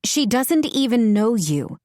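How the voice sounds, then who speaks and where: A woman's voice: mid-range voice, sing-song, moderate pace, darkish tone, no room sound, close to an everyday voice. A woman narrator voicing a bitter, guarded mother who speaks in curt, clipped lines.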